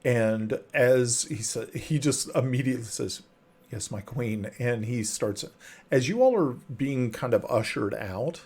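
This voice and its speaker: Slow gravelly man running a tabletop game. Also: mid-range voice, lively intonation, a little mellow. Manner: halting, many restarts and fillers. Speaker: game master.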